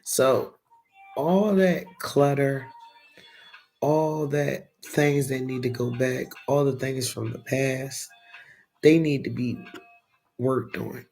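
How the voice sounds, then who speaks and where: Man, gravelly, medium pitch, casual live tarot reading, chatty with viewers. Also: dark tone. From Philadelphia. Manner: chatty, reads affirmation cards aloud and talks to viewers in the chat. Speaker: tarot reader.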